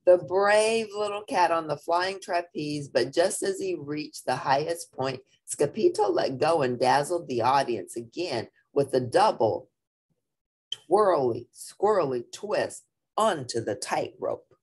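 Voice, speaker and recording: Slow, husky female reader for a children's book, playful and very lively in pitch. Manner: expressive, playful. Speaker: storybook reader. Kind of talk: children's read-aloud.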